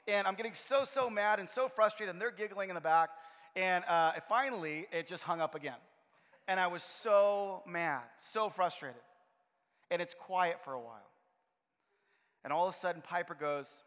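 A man preaching a sermon as pastor of his church, telling stories in an animated way. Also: high voice, moderate pace. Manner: animated storytelling, acts out his own frustration. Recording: long hall reverb.

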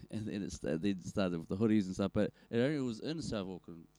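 A man's voice: on the low side, lively intonation, fairly quick, dark tone, dry recording. A man with a New Zealand accent on a podcast, chatting casually in a rambling, sweary way. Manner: rambling, sweary, trails off and restarts. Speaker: podcast co-host. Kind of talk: casual chat.

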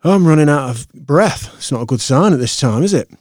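A man's voice: fairly high pitch, lively intonation, fairly quick, a little mellow, no echo, studio quality. A man hosting a podcast, chatting casually and rambling through his sign-off with fillers and restarts. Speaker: podcast host. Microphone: podcast microphone.

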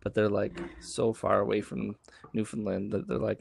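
A man's voice: on the low side, little pitch movement, normal speed, creaky, a little mellow, a little hiss or hum. A man with a Canadian accent chatting casually on a podcast, laughing easily and restarting his words. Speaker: podcast host. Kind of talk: casual chat.

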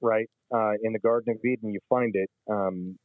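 A man's voice: fairly low pitch, steady tone, moderate pace, dry recording. Man on a tinny phone line. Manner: teaching, emphatic explanations. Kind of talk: religious discussion.

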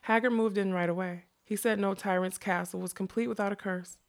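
A woman voicing a wry middle-aged male magician in a novel read aloud, speaking in a hushed, measured way. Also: mid-range voice, fairly even intonation, close to an everyday voice.

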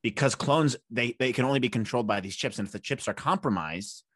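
A man co-hosting a podcast in casual chat, joking and animated, often laughing and jumping his pitch up for emphasis. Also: fast, husky, no room sound, studio quality. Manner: joking, animated, jumps into silly voices and laughs. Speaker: podcast co-host.

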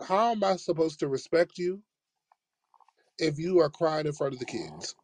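A man's voice: a little high, lively intonation, normal speed, darkish tone. A man who teaches, telling a long school story in casual chat and acting out the voices of the people in it. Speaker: podcast host, teacher.

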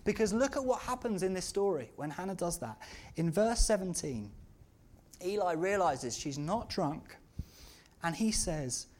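A preacher giving a sermon in a church, earnest and at times rising to loud, impassioned outcries. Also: medium pitch, animated, a little slow.

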